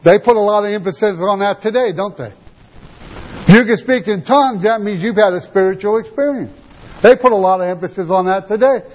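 High-voiced preacher with rhetorical questions. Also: male voice, fairly quick. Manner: rhetorical questions, emphatic teaching. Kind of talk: sermon. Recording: dull lo-fi recording.

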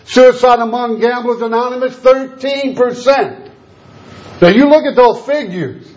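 A man's voice: very high voice, measured pace. A man preaching a sermon, telling a story and acting out the voices of the people in it. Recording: dull lo-fi sound.

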